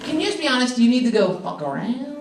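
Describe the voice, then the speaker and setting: A woman's voice: a little high, big pitch swings, heavy background noise. A woman doing a crude, mocking stand-up set and working the crowd from a club stage. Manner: brash, crude, mocking, quick asides to the crowd. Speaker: stand-up comedian. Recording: roomy club sound from a distance with loud crowd.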